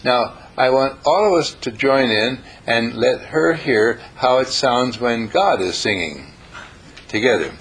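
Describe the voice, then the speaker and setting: A man preaching a storytelling sermon in a playful, animated way, acting out the people in his story. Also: medium pitch, measured pace, few pauses, husky. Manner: animated, playful, acts out voices.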